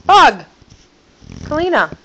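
A woman with a high voice coaxes a small child in a playful, sing-song way. Her words come through a dull, lo-fi phone recording, as in a casual home video. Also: very animated, slow pace, sharp tone. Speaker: caregiver talking to a toddler.

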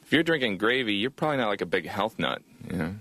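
A man from Indiana telling a deadpan stand-up routine as a therapy patient. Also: on the low side, quick pace, dry recording. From Indiana, USA.

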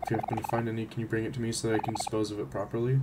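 A man voicing a preachy male follower of a recycling cult, solemn and sermon-like, over loud background noise. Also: lowish voice, monotone, very fast, natural voice.

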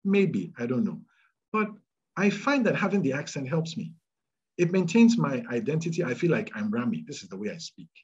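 A man from Ghana with a Ghanaian accent, giving career advice in an animated, emphatic way and repeating his key points. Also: medium pitch, moderate pace, husky, muffled recording. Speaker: speaker answering audience questions.

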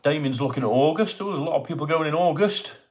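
A man's voice: fairly high pitch, quick pace, darkish tone. A middle-aged man hosting a casual live stream from home, chatting and greeting viewers by name as he reads their comments. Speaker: livestream host. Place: home in Bournemouth.

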